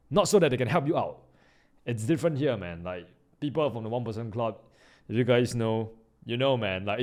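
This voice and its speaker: A man giving live trading commentary, slangy and excitable, jumping from loud hype down to low mutters. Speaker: trading YouTuber.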